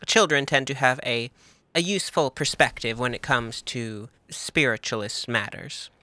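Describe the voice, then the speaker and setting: Man putting on a genteel spiritualist gentleman, polite, bright and forceful tone, dry close sound, tabletop game voice. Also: medium pitch, moderate pace, no echo, pitched above the performer's own voice, close to an everyday voice.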